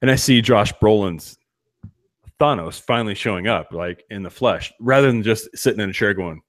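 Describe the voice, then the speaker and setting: Male podcast co-host, rambling and self-deprecating, low voice, dry mic. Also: normal speed, no room sound. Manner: rambling, self-deprecating, many restarts and fillers. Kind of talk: casual chat.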